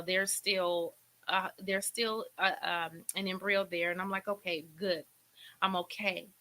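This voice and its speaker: A middle-aged woman hosting a faith talk show, sharing a deeply emotional personal testimony in a preacherly way, often repeating her words. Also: pushed and bright, low-quality recording.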